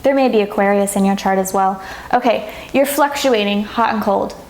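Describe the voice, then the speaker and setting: A woman giving a tarot reading straight to the camera, earnest and tender, often slowing down. She speaks at a medium pitch in an echoey room. A faint hiss sits under her voice. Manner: soft, emotional, gets teary and laughs. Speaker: tarot reader.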